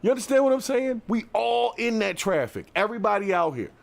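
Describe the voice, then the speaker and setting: A man delivering a fired-up ranting commentary monologue to his viewers, swinging between yelling and calming down and often asking if they understand. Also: sits high, fairly quick, creaky. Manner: fired-up, repeats "you understand what I'm saying". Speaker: video commentator.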